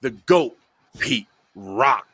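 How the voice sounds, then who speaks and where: A man's voice: medium pitch, extremely slow, breathy edge, dry recording, studio quality. A man from the Bronx hosting a podcast, telling a long story casually and acting out the voices of people in it. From the Bronx, New York. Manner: animated, acts out voices in his stories, laughs often. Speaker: podcast host.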